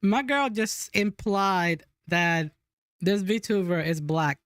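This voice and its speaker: A woman's voice: medium pitch, lively intonation, slow pace, no room sound. Woman podcast host, chatty and giggly, reacting to stuff, dry close sound. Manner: chatty, giggly, reads out chat. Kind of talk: casual chat.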